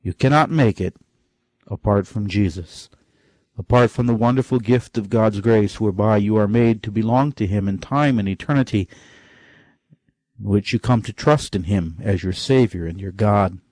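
A male preacher delivers a fervent sermon in a low voice. He climbs sharply on key phrases and slows down to drive points home. The sound is dry and close, with no room around it. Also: darkish tone, no echo.

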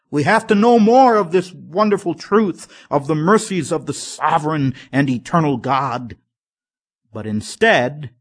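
A man preaching a sermon, emphatic and piling up strong words for effect. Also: mid-range voice.

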